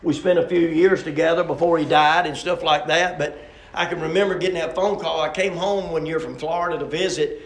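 A man's voice: a little high, fairly even intonation, brisk, roomy sound. A middle-aged man, preaching a sermon with a repetitive, emphatic cadence and personal stories.

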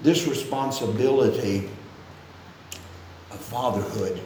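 Slow, earnest preacher man in an echoey church. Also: medium pitch, dark tone, a little hiss or hum. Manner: earnest, measured preaching with pauses. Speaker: pastor. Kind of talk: sermon. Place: church sanctuary. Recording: echoey church room, faint ambience.

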